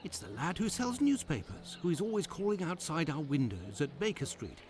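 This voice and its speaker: A man's voice: fairly high pitch, big pitch swings, a little fast, background noise. A man voicing Doctor Watson, an earnest doctor companion in a video game, who talks in an exclaiming way.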